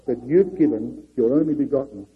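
A man preaching a sermon earnestly, swinging between raised and hushed delivery. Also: medium pitch, fairly quick, breathy edge. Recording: muffled lo-fi recording.

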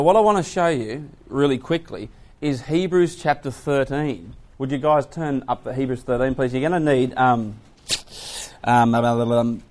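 A man giving an animated, story-driven Bible talk to young people, often breaking into loud exclamations. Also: mid-range voice. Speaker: Bible class speaker.

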